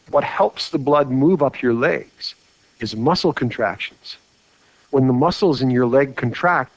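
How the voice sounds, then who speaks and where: Male teacher, mid-pitched, conversational whiteboard lecture; close dry mic, slightly muffled. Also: no room sound. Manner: chatty, asks rhetorical questions.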